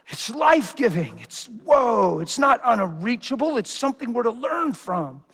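A man's voice: very high-pitched, very animated, normal speed, hardly any pauses, a bit bright, husky. A man preacher giving a sermon, talking in an emphatic, intense way.

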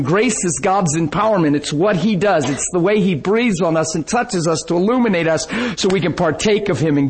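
A man's voice: sits high, breathy edge. A man preaching a sermon, telling stories with laughter and quoted voices.

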